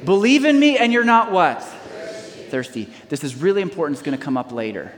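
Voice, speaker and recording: A man's voice: on the high side, very animated, a little fast, long reverb tail. A man preaching a sermon as pastor, reading scripture aloud and calling on the congregation to answer back. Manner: preaching with call-and-response to the congregation.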